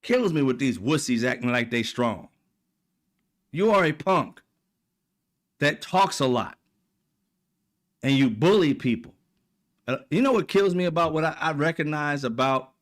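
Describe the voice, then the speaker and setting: A man's voice: mid-range voice, unhurried, long pauses. A man delivering a heated, profane political rant, mocking and blunt. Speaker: political commentator. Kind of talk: ranting monologue.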